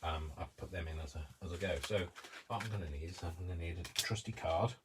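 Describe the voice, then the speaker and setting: A man's voice: low voice, fast talker, noisy background. A man hosting a live craft tutorial, talking casually through each step with rambling, self-mocking asides. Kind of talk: live-streamed craft demonstration.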